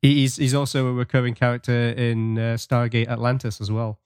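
A man's voice: mid-range voice, flat delivery, brisk, a little mellow, clean tone, no room sound, clean studio sound. A man co-hosting a podcast in casual chat, enthusiastic and breaking into small laughs as he recaps. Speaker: podcast co-host.

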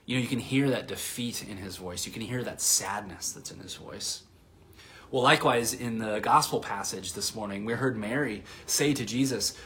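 A man preaching a sermon to his congregation in a relaxed, conversational way, with fillers and restarts, sometimes dropping to a soft near-whisper. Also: on the low side, normal speed, vocal fry. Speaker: pastor.

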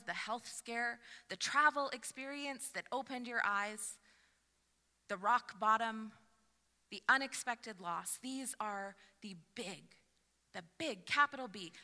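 A woman pastor giving a sermon to her congregation, building from calm reflection to lively, emphatic delivery. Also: on the high side, in a large hall. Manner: expressive, rising to animated emphasis. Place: church sanctuary.

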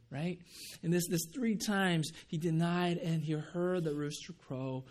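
Guy preaching, kinda high voice, acts out the lines in the story. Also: a little mellow. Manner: many restarts and repeated words. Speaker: pastor. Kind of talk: sermon.

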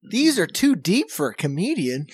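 A man's voice: high-pitched, normal speed, slightly rough, no room sound, studio quality. A man, a comedian guest on a podcast, trading wry jokes in casual banter. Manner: wry, animated, playful.

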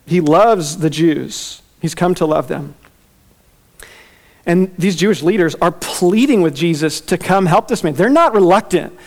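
A male pastor preaching an expository sermon in a conversational, animated way, acting out quoted voices and laughing now and then. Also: high-pitched, measured pace.

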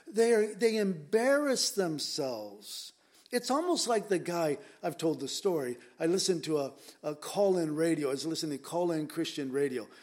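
A man with a slightly raised pitch delivers a conversational sermon. He speaks earnestly and emphatically to his listeners. He often repeats words as he drives a point home. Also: sing-song, moderate pace, darkish tone. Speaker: preacher.

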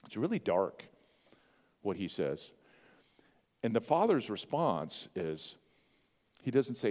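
A man with a fairly low voice preaches to his congregation. He speaks in a conversational way, tosses out questions and asides, and his voice rings through the long reverb of a church sanctuary. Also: big pitch swings, slow, long pauses, a little mellow. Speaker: pastor. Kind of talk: sermon.

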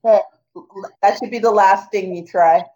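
A woman's voice: medium pitch, fairly even intonation, measured pace, warm tone, lo-fi sound. A middle-aged woman in casual chat who laughs often and slips into playful mock voices.

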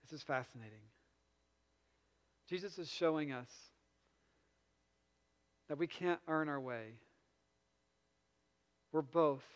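A man preaching a sermon, retelling a story with lively swings between loud passages and quiet asides. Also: medium pitch, clean tone. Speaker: pastor. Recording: long reverb in a large hall.

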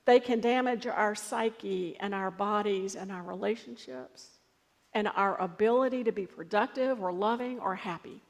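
A woman's voice: medium pitch, normal speed, in a large hall. A woman pastor giving a sermon in a conversational, storytelling way.

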